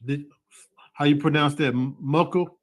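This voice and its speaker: An American man with a fairly high, steady voice speaks at a normal speed in an online scripture class held over video call. He chimes in with repeated affirmations and talks loosely, using lots of fillers.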